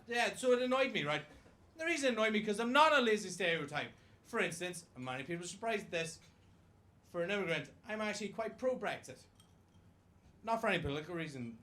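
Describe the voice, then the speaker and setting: High-voiced Irish comic, noisy club. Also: male voice. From Ireland. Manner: swearing, self-mocking, excitable punchlines. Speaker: stand-up comedian. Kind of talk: stand-up comedy set. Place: comedy club stage with audience laughter.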